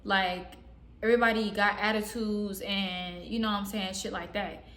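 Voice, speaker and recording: A woman from the Southern US telling a story casually in a slangy, rambling way with animated quotes. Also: medium pitch, moderate pace. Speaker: storytime vlogger. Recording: roomy echo.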